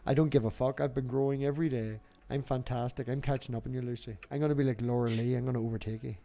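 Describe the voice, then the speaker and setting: A man's voice: medium pitch, fairly even intonation, fast talker, creaky, dark tone. A Northern Irish man hosting a casual group call, teasing and swearing as he jokes with friends. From Northern Ireland. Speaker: streamer hosting a hangout.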